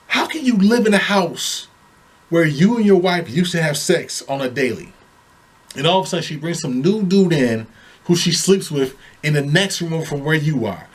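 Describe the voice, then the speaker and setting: Brief: man, higher-pitched, lively swings, heated cussing rant to camera. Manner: heated, swearing, animated storytelling. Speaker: vlogger. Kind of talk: casual profane rant.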